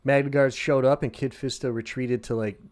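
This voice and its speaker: Recapping a tale over beers on a casual podcast, a male co-host curses heavily and launches into brief shouted impressions of people. He speaks in a steady, mid-range voice.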